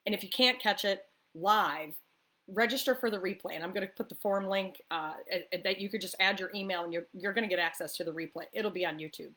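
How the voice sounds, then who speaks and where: An upbeat woman talks straight to camera in a relaxed coffee-talk chat. She coaches listeners in a friendly, chatty way, often checks in with a quick "right?" and slips into easy laughter. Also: medium pitch. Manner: laughs often while talking. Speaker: spiritual life coach. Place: the East Coast of the US.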